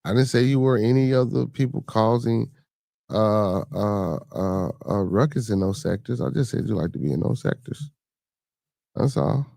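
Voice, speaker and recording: A man's voice: fairly low pitch, moderate pace, creaky, mellow, no echo. A man hosting a casual podcast live stream, reading the chat and answering viewers in loose slang. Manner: laid-back, talks back to chatters with loose slang.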